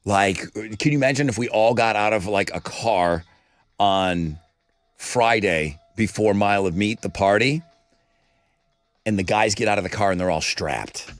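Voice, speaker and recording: A man's voice: fairly low pitch, unhurried, dry recording, soft background music. A man hosting a radio morning show, chatting energetically and rambling as he jokes with callers. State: slightly out of breath. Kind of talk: casual radio chat.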